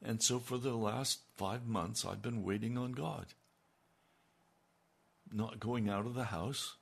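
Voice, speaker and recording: Older male preacher, low husky gravelly voice, slow deliberate delivery, emphatic. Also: fairly even intonation. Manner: slow and emphatic, rising in intensity when quoting God. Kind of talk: sermon.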